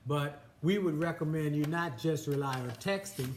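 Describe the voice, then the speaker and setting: A man in his fifties co-hosting a marriage advice chat, halting and often restarting his words. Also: on the high side, a little hiss or hum. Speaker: co-host. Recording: roomy echo, faint ambience.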